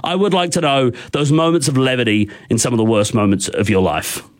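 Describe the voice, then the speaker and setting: A man's voice: medium pitch, brisk, noisy background. Young Australian man, radio host, candid and rambling, fillers and restarts, mid-range voice. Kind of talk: candid on-air storytelling.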